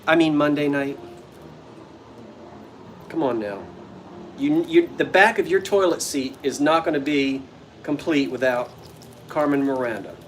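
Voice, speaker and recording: A man with a slightly high voice hosts a casual livestream sale of vintage goods from the front porch of an old bungalow, chatting playfully and greeting viewers by name. He talks at a measured pace with frequent pauses, and a faint hiss or hum runs under the audio.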